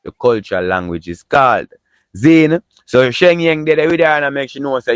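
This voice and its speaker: A man with a Jamaican accent hosting a casual entertainment news show in patois, animated and chatty, full of catchphrases. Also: medium pitch, brisk, no room sound, dull audio.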